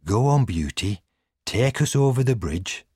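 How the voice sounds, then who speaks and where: A loyal coachman speaks in an earnest, respectful way, as a man reads him. The voice is husky and moves a lot in pitch. It is a storybook reading on a dry recording. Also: animated, measured pace, darkish tone, dry recording. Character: loyal, gentle male coachman.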